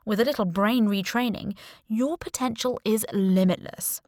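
A woman's voice: mid-range voice, moderate pace, darkish tone, no room sound, close to an everyday voice. A smug spy boss who talks down to everyone, mocking and cool, voiced plainly by a woman reading an audiobook. The delivery is dry and close, with no room sound around it. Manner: mocking, condescending.

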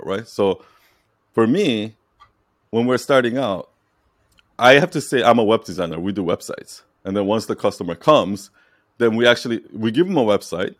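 A low-pitched man coaching a client in a relaxed, emphatic way. He repeats his points, keeps asking "right?" and laughs now and then. The sound is dry and close. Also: dry recording. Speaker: brand strategy coach. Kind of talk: casual coaching session.

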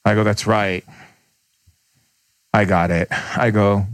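A man, a podcast guest who is a shaman, telling stories in conversation, blunt and emphatic, often acting out the people he quotes with sudden jumps in pitch. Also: steady tone, no room sound. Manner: emphatic, blunt, fast bursts. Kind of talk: animated storytelling in conversation.

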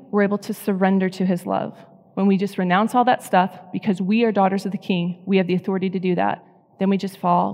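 A woman in her thirties speaks at a women's faith event, telling personal stories with animated energy and tossing questions to the audience. Her voice sits at an ordinary middle pitch, and it rings out with a long reverb that fills a large hall.

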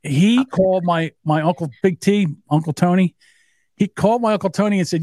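A man in his fifties with a fairly high voice tells rough, profane family stories and plays every voice in them. The sound is dry and close, with no room around it. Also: fast, mellow, no echo. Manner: storytelling, profane, acts out quotes. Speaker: podcast co-host. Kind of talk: casual chat.

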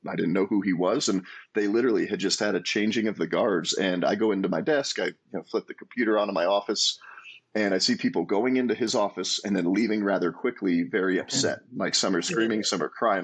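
A man in his forties telling his own story as a guest in an interview, earnest and animated, with frequent restarts. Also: on the low side, slightly rough. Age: 40s. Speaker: guest, entrepreneur.

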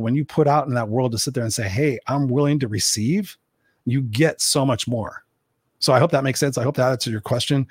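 A man in his fifties talks quickly through an unscripted livestream Q&A, answering viewer comments as a motivational host. He is blunt and energetic, swears freely, and often restarts his sentences. His mid-pitched voice sounds dry and close, with no room echo. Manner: rambling, with many restarts and fillers. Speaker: motivational speaker and show host.

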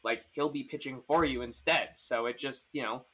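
A man's voice: medium pitch, normal speed, over a noisy crowd. A man hosting a podcast, chatting casually about sports with lots of fillers and restarts. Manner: rambling, full of fillers and restarts. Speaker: podcast host.

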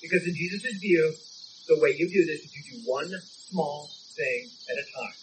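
A man with a fairly high voice, preaching. He tells stories in an emphatic, conversational way, with a faint hum behind him. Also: normal speed, rough recording. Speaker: pastor. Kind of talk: sermon.

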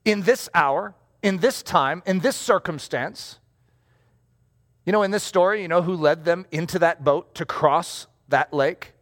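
A man preaching a sermon to a congregation in a conversational, animated way. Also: high-pitched, measured pace. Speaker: pastor. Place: church hall before a congregation. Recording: long hall reverb.

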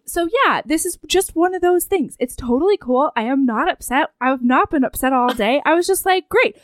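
A woman's voice: high voice, expressive, moderate pace, dry recording, studio quality. A woman podcast co-host chatting casually over a remote call, giggly and reassuring. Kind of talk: casual chat.

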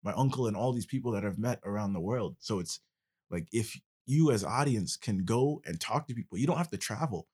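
A man's voice: lowish voice, lively intonation, fairly quick, darkish tone, breathy edge. A male podcast host in casual conversation, explaining at length with passion.

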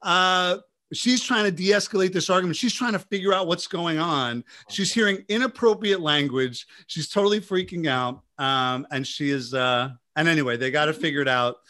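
A man co-hosts a casual podcast, telling stories with lots of energy and frequent restarts. His voice is bright and sits a little high for a man. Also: moderate pace. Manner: animated storyteller, many restarts. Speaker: podcast co-host.

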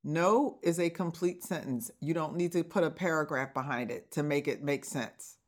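Her voice is low and her pace moderate as this podcast host, a divorce coach, offers casual, encouraging advice. Laughter and playful side comments run through her talk.

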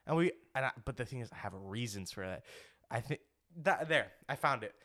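A young man co-hosting a podcast, chatting casually in a rambling, animated way full of fillers. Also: mid-range voice, a little fast. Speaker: podcast co-host. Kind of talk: casual chat.

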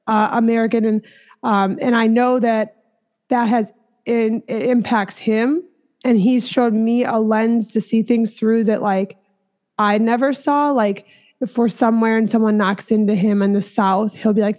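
A woman's voice: on the high side, fairly even intonation, moderate pace, a little mellow. A woman podcast host from Minnesota, chatting casually and empathetically with a guest, with plenty of "like" fillers. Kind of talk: casual interview chat.

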